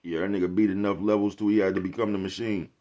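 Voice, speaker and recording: Male vlogger, lowish voice, loose slangy monologue, keeps checking in with his audience. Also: little pitch movement, fast talker, warm tone, dull audio. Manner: laid-back slangy rant, repeats "you get what I'm saying". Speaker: channel host. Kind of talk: casual vlog monologue.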